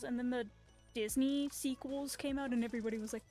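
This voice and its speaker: A woman's voice: on the high side, fairly even intonation, fairly quick, darkish tone. A woman streamer chatting casually while she draws, rambling off on tangents. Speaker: artist streamer. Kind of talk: casual chat while drawing. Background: faint background music.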